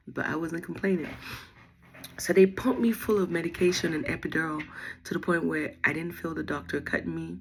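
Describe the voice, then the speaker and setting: A woman's voice: fairly low pitch, fairly even intonation, brisk, vocal fry, slightly rough. A young mother telling her birth story at home in a chatty, rambling way, full of fillers. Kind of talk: casual storytelling vlog.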